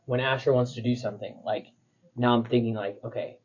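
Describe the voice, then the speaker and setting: A young man with a husky voice, chatting as a podcast co-host. He tells stories in a loose, rambling way, full of fillers. The recording sounds a little dull and lo-fi. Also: medium pitch, steady tone, brisk. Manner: rambling, filler-heavy storytelling. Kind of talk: casual chat.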